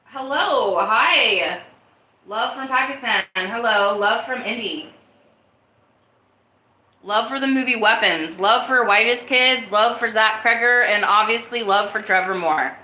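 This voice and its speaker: A woman's voice: a little high, a little slow, sharp tone, echoey room. Chatty woman hosting a live stream. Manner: chatty, reads and greets live chat. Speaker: livestream podcast host. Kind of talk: casual live-stream chat.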